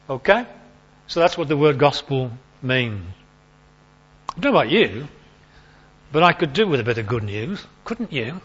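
A man's voice: medium pitch, very animated, normal speed, pauses often, a bit bright, husky. A man giving an informal, chatty sermon, repeating key phrases for emphasis. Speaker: preacher. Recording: lo-fi recording.

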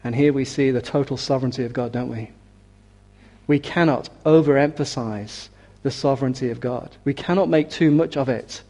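A man preaching a sermon, reading scripture slowly and building to forceful, emphatic declarations. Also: mid-range voice. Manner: reads scripture aloud with slow weight.

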